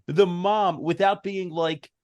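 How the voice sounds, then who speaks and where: A man's voice: high voice, fairly even intonation, slow pace. A man co-hosting a podcast, laughing and mockingly riffing on a movie with plenty of swearing. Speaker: podcast co-host. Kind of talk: casual movie chat.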